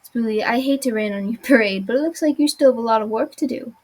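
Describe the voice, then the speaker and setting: A woman voicing a kindly older woman sewing teacher, gentle and teacherly, reading game dialogue aloud. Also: a little high, fast talker, close to an everyday voice. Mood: teasing.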